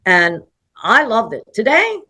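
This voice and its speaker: Jersey-accented woman, bright and chatty. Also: on the high side, a little slow. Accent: New Jersey and New York City. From New Jersey, USA. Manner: chatty, animated storytelling with many "okay?" asides. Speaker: guest. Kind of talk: casual interview chat.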